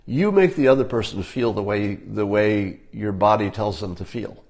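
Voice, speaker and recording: An older man talking casually, giving relaxed conversational advice and demonstrating tips as he goes. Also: fairly low pitch, normal speed.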